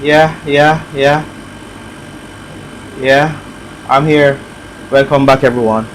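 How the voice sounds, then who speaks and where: A man with a Jamaican accent talks loosely through a repair on a live stream, answering viewers and musing as he works. His voice sits at an ordinary middle pitch. A faint hum stays in the background. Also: steady tone, takes it slowly, low-quality recording. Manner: chatty, reads viewer comments aloud, thinks out loud. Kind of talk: casual live-stream chat while working.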